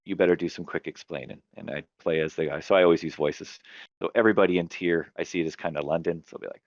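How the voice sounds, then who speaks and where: Man, very deep voice, game master, casual podcast chat, rambling, corrects himself mid-sentence, dull dry recording. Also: fairly even intonation, quick pace, no room sound. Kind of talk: casual chat about tabletop games.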